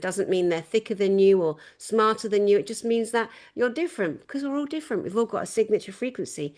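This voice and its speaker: This is a woman host with a fairly high voice, talking in a casual, impassioned way. She punches her points with loud exclamations, then drops into soft, sincere asides. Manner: emphatic and impassioned, swinging between exclamations and quiet earnest asides. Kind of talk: casual conversation.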